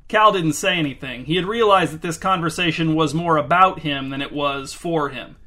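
A man's voice: on the high side, fairly quick, hardly any pauses, pushed and bright. A man reading a story aloud in a dry, wry narration. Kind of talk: scripted narration.

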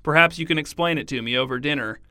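Man reading a pushy, formal dad, bright tone, dry mic. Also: on the high side, quick pace, no echo. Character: pushy, overbearing middle-aged father.

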